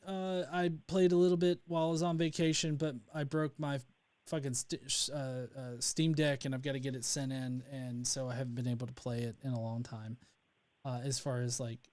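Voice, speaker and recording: A man's voice: on the high side, darkish tone. A young man from North Alabama hosting a casual livestream, rambling with many fillers and restarts. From North Alabama, USA. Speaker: livestream host.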